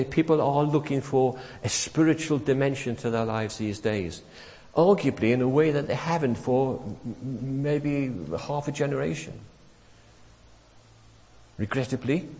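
Preacher in an echoing church. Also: male voice, mid-range voice, normal speed. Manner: animated storytelling, acts out quotes, chuckles warmly. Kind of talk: sermon. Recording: church hall with long reverb.

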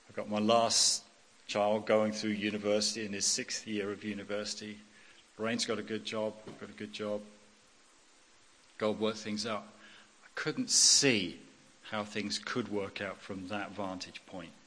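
A man's voice: fairly low pitch, fairly bright tone. A middle-aged man giving a personal testimony in a sermon, emphatic and repetitive, often checking in with "okay?". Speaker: preacher. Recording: long hall reverb.

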